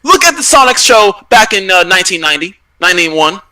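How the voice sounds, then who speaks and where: An American man co-hosting a casual podcast chat, excitable and swearing freely. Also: high voice, a little fast. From United States. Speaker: podcast co-host.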